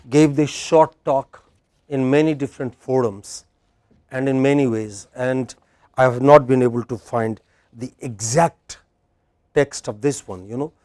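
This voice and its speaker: Teacher, chatty and dry. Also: male voice, mid-range voice, darkish tone, dry recording. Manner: chatty, repeats himself and restarts sentences, quizzes students. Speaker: English teacher. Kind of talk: classroom instruction. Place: indoor classroom.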